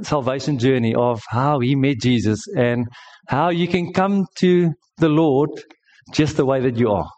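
Middle-aged male pastor from South Africa, storytelling sermon, lively, fairly high voice, restarts and repeats as he goes. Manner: animated, with repetitions and restarts.

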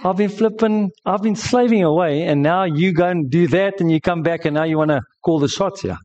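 A man's voice: a little high, very animated, moderate pace, a little mellow, dull audio. A man voicing a resentful older brother who complains indignantly in a sermon retelling.

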